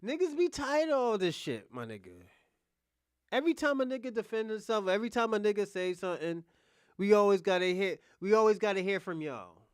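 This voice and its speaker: A young man rants heatedly on his livestream, profane and combative, jumping from loud bursts to low mutters. His voice sits high for a man. The sound is dry and close. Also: animated, a little fast, clean tone, no room sound. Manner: swings between loud outbursts and muttered asides. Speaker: podcast host.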